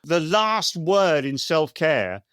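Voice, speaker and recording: A man's voice: on the high side, sing-song, slow, fairly bright tone, smooth, no echo, clean studio sound. A man with an English accent co-hosting a comedy podcast, grumbling and mocking with plenty of swearing. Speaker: podcast co-host. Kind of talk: casual comedic chat.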